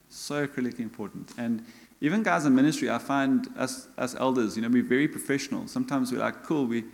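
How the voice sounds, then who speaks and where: A man's voice: mid-range voice, vocal fry. A middle-aged South African man preaching a sermon as a church elder, conversational and self-mocking in his humor. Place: church hall. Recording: long church hall reverb.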